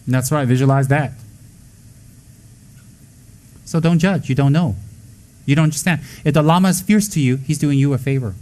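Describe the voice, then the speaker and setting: A man giving a Buddhist dharma talk to students, blunt and scolding, with joking asides and quick acted-out quotes. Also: on the high side, a little mellow, low-quality recording. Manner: acts out quoted voices. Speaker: Buddhist teacher.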